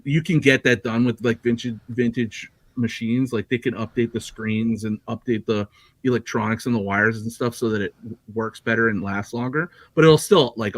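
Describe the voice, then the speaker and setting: A man's voice: mid-range voice, fairly even intonation, moderate pace, no room sound. A man chatting casually as a guest on a livestream, rambling with many fillers and restarts. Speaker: guest collector.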